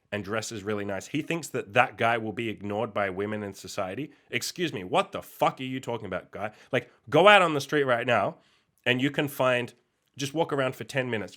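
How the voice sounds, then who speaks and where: A young man talks in a loose, casual monologue, swinging between disbelief and irritation, with frequent swearing. His voice sits a little low, and he keeps a chatty, unscripted feel. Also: fairly bright tone. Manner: exasperated, sweary, incredulous outbursts. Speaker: podcast host reacting to a post.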